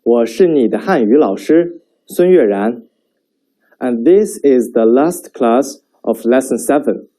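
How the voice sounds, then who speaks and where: Slow, animated male language teacher. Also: mid-range voice, rough recording. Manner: slow, clear modeling of sentences for repetition. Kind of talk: scripted teaching lesson.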